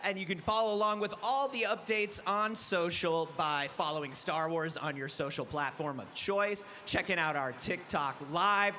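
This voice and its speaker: A man's voice: sits high, normal speed, hardly any pauses, sharp tone, slight background noise. A man hosting a live event show, playful and upbeat, joking with his co-hosts. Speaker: host.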